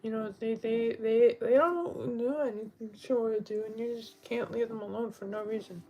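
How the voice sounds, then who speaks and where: A man's voice: very high voice, fairly even intonation, normal speed, dark tone, highs cut off, a little hiss or hum. A man on a casual livestream, rambling with many fillers and restarts, upset and pleading.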